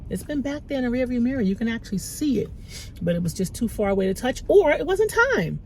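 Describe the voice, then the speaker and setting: A middle-aged mother and small business owner gives the camera a heartfelt faith pep talk, talking fast with a little hiss or hum in the background. Tearful and emotional, she stays warm and conversational, her pitch swinging lively with bursts of laughter.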